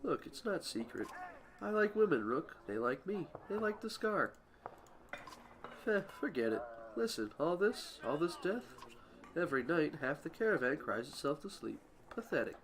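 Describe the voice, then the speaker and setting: A man voicing a brash, scarred young warrior who talks low, sneering and dismissive, with game music behind. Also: very animated, moderate pace, fairly bright tone.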